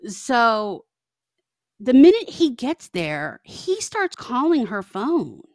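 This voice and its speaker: A woman's voice: a little high, very animated, slow pace, a little mellow, no echo, clean studio sound. A young adult woman co-hosting a podcast, telling a story in casual chat and acting out both sides of phone calls. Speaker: podcast co-host.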